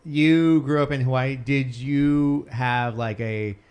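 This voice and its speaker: よく笑う中くらいの声の男性. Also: male voice, mid-range voice, steady tone, takes it slowly, a little mellow, smooth. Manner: laughs often, rambling anecdotes. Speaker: podcast co-host. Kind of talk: casual podcast chat.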